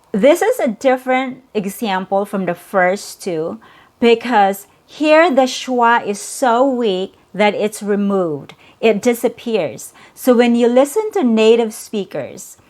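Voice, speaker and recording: A woman's voice: fairly high pitch, darkish tone. A woman teaching English pronunciation, patiently repeating and drilling each sound. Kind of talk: slow, careful pronunciation lesson.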